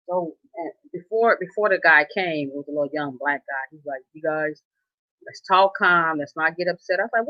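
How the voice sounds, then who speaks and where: A woman telling a story in a casual, animated way, often repeating herself and quoting what people said. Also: lowish voice, no room sound, muffled recording. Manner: animated, conversational, repeats herself, quotes others. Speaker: storyteller recounting a casino dispute.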